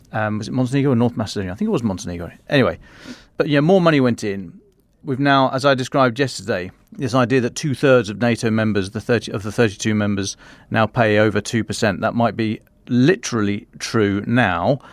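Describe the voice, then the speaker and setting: A man's voice: medium pitch, no room sound. A man co-hosting a podcast, musing aloud in casual discussion, often restarting his sentences. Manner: thinking aloud, frequent restarts and fillers.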